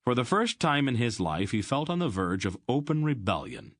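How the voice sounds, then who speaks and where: A man narrating a fantasy audiobook in an even, measured storytelling voice. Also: medium pitch, no room sound, studio quality.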